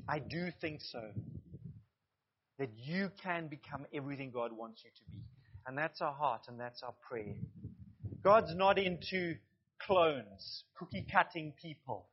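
A man's voice: a little high, breathy edge, lo-fi sound. A male pastor preaching a sermon to his congregation, earnest, with asides to the listeners.

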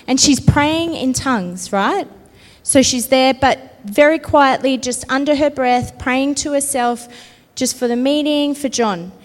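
A woman pastor preaching a sermon and reading scripture, earnest and often checking in with her listeners. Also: sits high. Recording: long reverb of a large hall.

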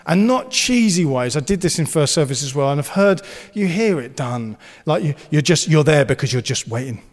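A man's voice: fairly high pitch, big pitch swings, moderate pace, in a large hall. A man preaching a sermon, earnest and encouraging, and he slips into playful banter. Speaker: pastor.

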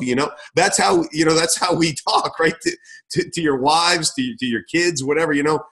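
A man's voice: fairly high pitch, normal speed, a bit bright. Emphatic middle-aged man coaching coaches. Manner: emphatic, repeats words, rhetorical questions. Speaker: coaching consultant. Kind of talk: instructional talk.

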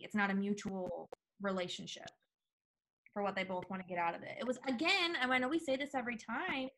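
A woman co-hosting a casual recap podcast. She talks in a loose, animated way, full of fillers and asides, in a voice of middle pitch. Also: fairly quick. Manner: chatty, animated, lots of fillers. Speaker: podcast co-host.

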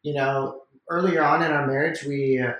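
A man's voice: mid-range voice, fairly even intonation, normal speed, a bit bright, highs cut off, a little hiss or hum. A man guest on a podcast, talking in an easygoing, casual way. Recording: echoey room.

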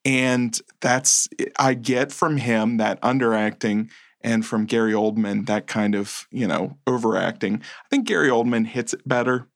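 A man's voice: mid-range voice, a little slow, no echo, studio quality. A man co-hosting a podcast about movies, talking casually, rambling a little and correcting himself as he goes. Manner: rambling, self-correcting, chuckles often. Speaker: podcast co-host. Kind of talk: casual film chat.

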